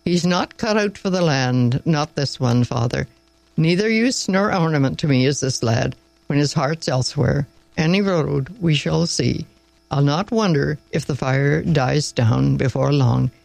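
A man's voice: fairly high pitch, unhurried, a little mellow. A man doing a blunt farmer father. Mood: earnest. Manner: gruff, homely, plain-spoken. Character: blunt old Northern farmer, plain-spoken father.

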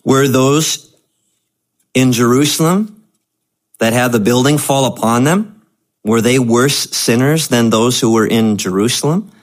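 A man's voice: mid-range voice, a little slow, pauses often. A male pastor preaching a sermon in a conversational, emphatic way.

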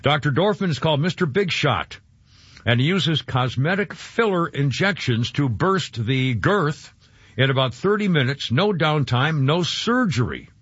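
A man's voice: a little high, lively intonation, unhurried, fairly bright tone, breathy edge, dry recording. A man hosting a radio show, talking in a rambling, chuckling way that often trips over its own words. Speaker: radio host. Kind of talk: casual radio banter. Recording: dull radio broadcast sound.

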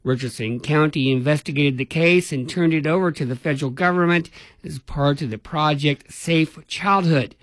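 A man anchoring a local radio newscast, reading the headlines in an even, measured way. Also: fairly high pitch, no echo. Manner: even, measured newsreader delivery. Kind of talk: read news bulletin.

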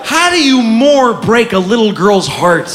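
A middle-aged man performing stand-up comedy, telling an animated story with swearing and acted-out voices, on a club stage with a handheld microphone. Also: extremely high pitch, a little slow, long reverb tail, a faint crowd, a little hiss or hum. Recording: live club with laughing audience.

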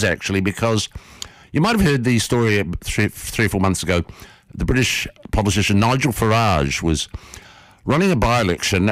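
A man hosting a radio show, telling a story in an animated, playful way before an interview. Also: mid-range voice, dry recording. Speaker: radio host.

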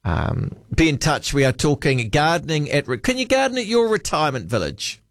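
A man's voice: fairly high pitch, sing-song, fairly quick, no echo, studio quality. A man hosting late-night talkback radio in a chatty, musing way, reading out listener texts. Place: radio studio.

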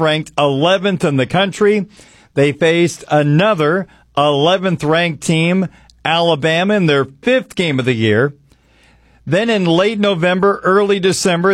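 A man hosting a sports talk radio show with a slightly raised pitch. He talks in a folksy, conversational way and leans on words for emphasis. The studio mic sound is close and dry. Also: no room sound. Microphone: studio microphone.

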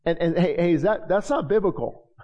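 High-voiced fervent preacher man, reverberant church. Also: fairly quick, warm tone. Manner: fervent preaching with repeated phrases. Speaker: pastor. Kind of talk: sermon. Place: church sanctuary.

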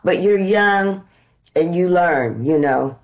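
A middle-aged woman from the United States, an actress being interviewed, telling lively stories and laughing often. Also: on the low side, slow, rough recording. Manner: animated storyteller, laughs often. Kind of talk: conversational interview storytelling.

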